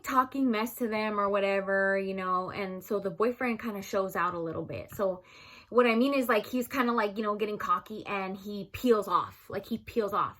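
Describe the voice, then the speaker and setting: A young woman telling a story casually to her viewers, chatty, calling them "you guys" and loudly acting out what people said. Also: medium pitch, moderate pace. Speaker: storyteller vlogger.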